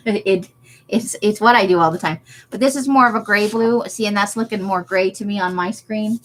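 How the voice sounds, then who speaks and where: A woman's voice: mid-range voice, moderate pace, slight background noise. A woman chatting casually on a craft livestream, laughing often as she answers viewer comments. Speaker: livestream host.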